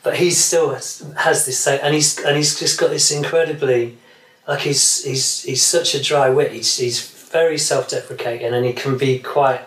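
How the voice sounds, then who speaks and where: Male guest, mid-pitched, meandering chat full of restarts; roomy echo. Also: steady tone, normal speed, fairly bright tone. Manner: rambling, many restarts and fillers. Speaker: session guitarist guest. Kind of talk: casual interview chat.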